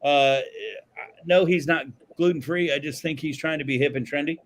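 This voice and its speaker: A man's voice: fairly high pitch, fairly even intonation, normal speed, slight background noise. Profane, joking man on a podcast. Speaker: podcast co-host. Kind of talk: casual podcast chat. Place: podcast studio.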